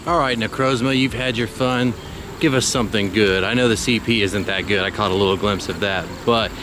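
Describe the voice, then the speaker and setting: A man's voice: on the low side, fairly quick, fairly bright tone, soft background music. A man hosting his game channel, giving upbeat, chatty play-by-play commentary. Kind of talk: casual gameplay commentary.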